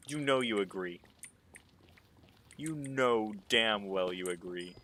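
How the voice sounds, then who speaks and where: A man's voice: on the low side, lively intonation, takes it slowly, a bit bright. A man chatting casually while playing a game, rambling through jokingly provocative opinions. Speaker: gaming streamer. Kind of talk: casual gameplay commentary.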